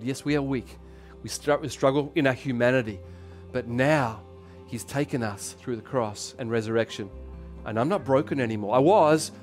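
A man with an Australian accent, preaching a fervent sermon and leading prayer, repeating phrases and slowing down for emphasis. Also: medium pitch. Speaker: pastor.

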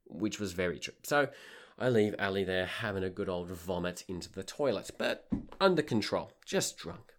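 Wry, lower-voiced man telling a story. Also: moderate pace. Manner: wry, exasperated, animated. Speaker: tour leader and podcast host. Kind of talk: comic storytelling anecdote.

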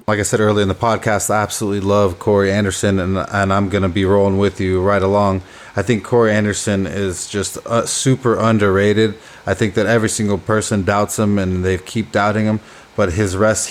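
A man's voice: fairly low pitch, little pitch movement, a little fast. A man co-hosting a casual podcast, talking about fighters with enthusiasm. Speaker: podcast co-host.

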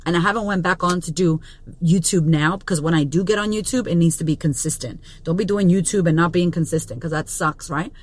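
A woman's voice: fairly low pitch, fairly quick, slight background noise. A woman in her thirties, a business coach and podcast host, delivering a blunt, profane motivational monologue with strong emphasis. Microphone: studio podcast mic.

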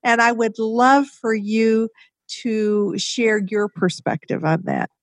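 A woman hosting an interview, asking measured questions and affirming her guest. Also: on the high side, no room sound. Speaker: interview host. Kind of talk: conversational interview.

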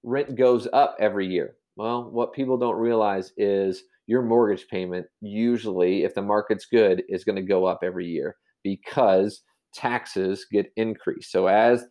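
A man's voice: fairly low pitch, measured pace, few pauses, mellow. A man explaining real estate in a casual podcast chat, rambling with many restarts and fillers. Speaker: real estate agent guest.

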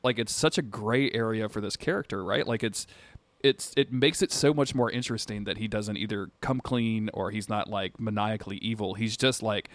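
Low-voiced man recapping with casual swearing. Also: normal speed, dry recording. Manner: animated, swears casually, acts out characters' lines. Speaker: podcast co-host. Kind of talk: casual chat recapping a TV episode.

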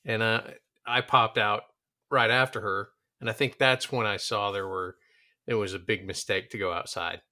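A man's voice: lowish voice, fairly even intonation, normal speed, sharp tone. A man playing a tabletop game, recounting what his character did with bits of laughter. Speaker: player. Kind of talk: casual tabletop game play.

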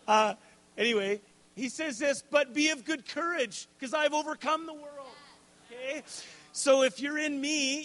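High-voiced man preaching casually. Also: bright, forceful tone. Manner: conversational, tags lines with "okay?" and "right?"; jokey asides. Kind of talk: casual sermon.

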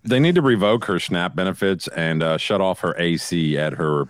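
A man co-hosting a podcast, reading news stories and tossing in deadpan puns. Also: low voice, normal speed, no echo. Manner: deadpan punning. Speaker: podcast co-host.

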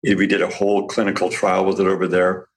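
A man's voice: low voice, monotone, fast talker. A man as the guest in a casual interview, talking enthusiastically and telling stories, with frequent restarts and small laughs. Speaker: guest, company founder.

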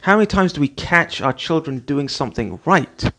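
A man's voice: fairly high pitch, lively intonation, normal speed, a bit bright. A middle-aged man, the host, giving an earnest motivational talk, repeating his points and now and then acting out what a scolding parent says. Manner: earnest, repetitive, acts out scolding parent voices. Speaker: podcast host. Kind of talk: motivational monologue.

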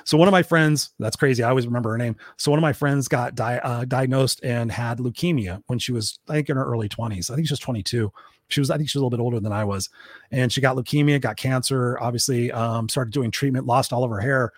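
A man tells stories on his own livestream in a loose, profane, rambling way, full of ums and restarts. He talks quickly, and his voice is close and dry, with almost no room sound. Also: mid-range voice, no echo. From Southern California. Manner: candid, profane, rambling with frequent fillers. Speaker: host. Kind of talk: solo livestream storytelling. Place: room at home.

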